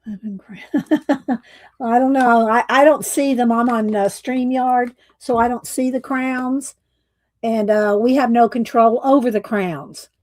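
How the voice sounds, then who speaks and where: Woman livestream host, slow chatty delivery, slightly croaky, dry close mic. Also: fairly high pitch, darkish tone, no echo. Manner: slow, chatty, laughs often, Southern "y'all". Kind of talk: casual livestream chat greeting viewers.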